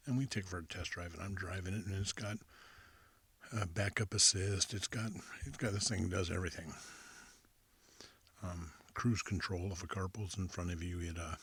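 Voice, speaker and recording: Very husky low-voiced man telling a story. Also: fairly even intonation, normal speed, fairly bright tone. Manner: casual, chatty anecdote telling. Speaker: ASMR storyteller. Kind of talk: soft-spoken ASMR storytelling. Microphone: close studio condenser mic.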